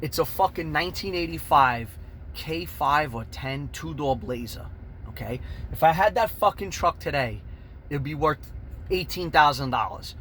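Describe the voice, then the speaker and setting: A man telling a profane fight story, animated and swearing constantly, shouting out the punches. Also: on the high side, normal speed, slight background noise.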